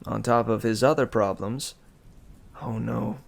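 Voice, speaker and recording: A man's voice: mid-range voice, gravelly. A man reading a book aloud as a bedtime story, chatting casually with listeners between passages. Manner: slow, relaxed, chatty asides to listeners.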